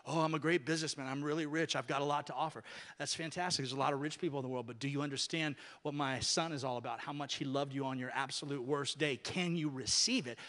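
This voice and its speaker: A male pastor preaching a sermon, telling stories with animated voices that rise to near-shouting at the peaks. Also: medium pitch, fast talker, in a large hall.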